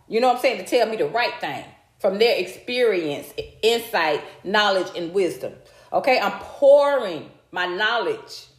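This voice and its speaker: A woman hosting a casual livestream, chatting straight to her viewers and swearing freely. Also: mid-range voice. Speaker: livestream host. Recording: roomy echo.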